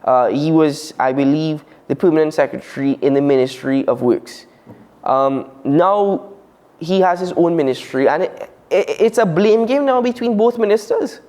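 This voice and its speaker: A man with a Trinidadian accent hosting a current affairs talk show, emphatic and animated, often restarting his sentences. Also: a little high, moderate pace.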